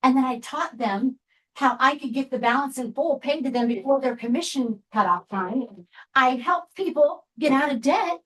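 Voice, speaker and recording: Woman, 50s, from Seattle, guest speaker, candid storyteller, slightly higher voice. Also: moderate pace, fairly bright tone, poor audio. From Seattle, USA. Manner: candid, chatty storyteller with frequent asides. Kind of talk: personal storytelling talk to a group.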